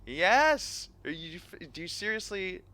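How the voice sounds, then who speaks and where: On a live stream, a man in his thirties chats casually in a high-pitched, unhurried voice. He's animated, laughs often, and brims with nerdy enthusiasm.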